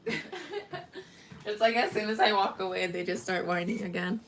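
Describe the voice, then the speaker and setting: Chatting casually while doing makeup on a home live stream, a woman speaks into her phone and coos at her dogs in baby talk. Her medium-pitched voice has big pitch swings and a moderate pace, with slight background noise as the dogs bark and whine.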